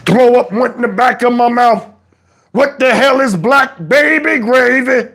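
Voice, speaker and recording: A man's voice: very high-pitched, unhurried, heavily acted. A man playing a preachy, outraged elderly father who scolds and swears in a comedic rant. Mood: indignant. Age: older. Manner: exasperated scolding, preachy, swears, shouts at times.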